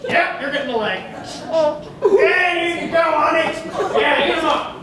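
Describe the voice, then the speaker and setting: A man's voice: extremely high pitch, unhurried, a loud crowd. Man playing a bumbling folksy farmer. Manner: hesitant, rambling, folksy. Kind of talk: live improv comedy. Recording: echoey room, far mic, loud noise.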